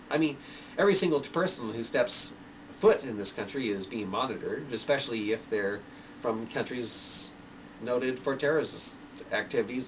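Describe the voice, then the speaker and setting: A man's voice: medium pitch, recorded from a distance, natural voice, poor audio. A rambling late-night radio host, as a man reads him aloud, keeps tripping over his words and circling back to worried questions. The voice sits a little away from the mic. A faint hiss runs under the story reading. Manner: stammering, restarts phrases, worried musing.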